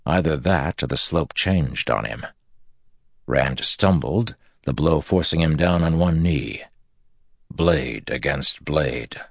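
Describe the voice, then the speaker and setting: A man narrating a fantasy novel in a steady, measured audiobook reading. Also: rumbling low, creaky, no echo, clean studio sound.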